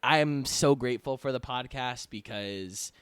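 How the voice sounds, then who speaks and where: A young man co-hosting a casual podcast, lively and halting, with many restarts. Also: medium pitch, smooth, no echo. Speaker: podcast co-host. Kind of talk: casual chat.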